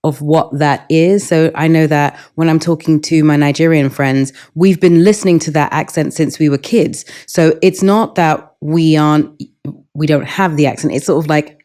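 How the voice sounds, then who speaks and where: A woman with a London English accent, a guest in an interview, speaking in a thoughtful, measured way. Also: low-pitched, fairly even intonation, warm tone. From England. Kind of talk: conversational interview.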